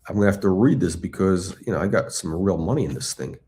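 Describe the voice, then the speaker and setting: Low voiced middle aged guy on a stock livestream, hyped up, blunt, keeps repeating himself. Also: quick pace. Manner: excitable hype, blunt, swears, repeats himself. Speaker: stock channel host. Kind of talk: livestream stock chat reading chat questions.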